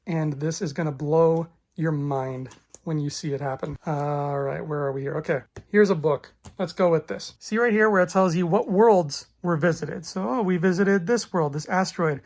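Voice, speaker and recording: A young man, a podcast host, enthusiastically reviewing a book in a casual chat and showing its pages as he talks. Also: high voice.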